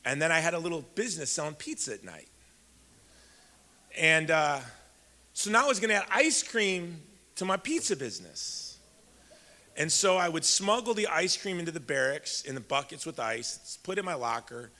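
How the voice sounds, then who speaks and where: A Chicago man in his fifties gives a keynote in a large event hall, his slightly high voice bright and forceful, with big pitch swings at a moderate pace. He tells a personal story conversationally, speaking directly to the audience, and the hall echoes.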